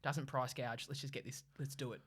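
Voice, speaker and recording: A woman voicing a huge, blunt male cafe owner who refuses customers in a flat, curt, deadpan way. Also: very deep voice, fairly quick, slightly rough, voice pushed down, exaggerated voice.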